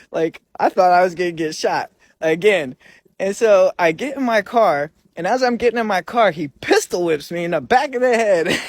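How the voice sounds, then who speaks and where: A man with a fairly high voice tells a personal story in a loose, easygoing way. He leans on filler words and keeps the tone conversational. The recording is dry and close, with no room echo. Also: expressive, unhurried. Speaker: recovery vlogger.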